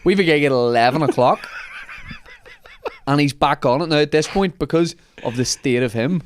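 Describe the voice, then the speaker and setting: A man hosting a comedy podcast, telling an animated anecdote in casual chat and laughing often. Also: medium pitch.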